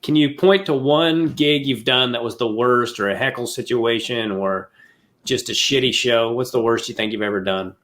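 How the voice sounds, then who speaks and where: A man hosting a podcast as a fellow comedian, asking relaxed and chatty questions with easy fillers. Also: mid-range voice, moderate pace. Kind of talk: casual interview chat.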